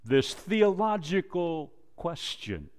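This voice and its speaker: A male pastor preaching a sermon, quoting scripture and acting out dialogue, swinging from loud emphasis down to a low hush. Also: big pitch swings. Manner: preaches slowly, rises loud then drops to a low hush; quotes scripture and acts out dialogue.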